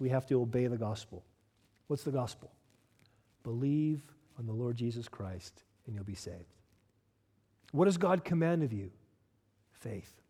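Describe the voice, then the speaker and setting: A pastor delivers a sermon in a voice that sits on the high side for a man. He talks in an emphatic, direct way and keeps putting pointed questions to his listeners. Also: warm tone.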